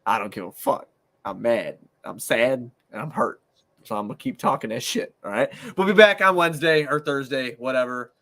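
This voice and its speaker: A man's voice: medium pitch, expressive, moderate pace, fairly bright tone. A man hosting a casual sports podcast, ranting angrily and swearing constantly. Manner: profane, angry ranting. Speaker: podcast host.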